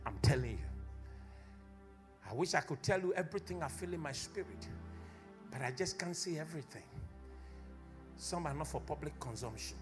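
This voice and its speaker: A man with a high-pitched voice preaches fervently to his congregation as their pastor. His sermon swings between hushed reflection and loud, shouted calls to the faithful, with soft music faintly underneath. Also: expressive, normal speed, pauses often. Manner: impassioned preacher who builds to shouted exhortation. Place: church.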